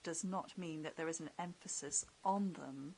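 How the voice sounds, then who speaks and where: A woman giving evidence as an expert witness at a public inquiry, firm and clear in disagreeing. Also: low voice, normal speed, a little mellow, low-quality recording. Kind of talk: inquiry testimony.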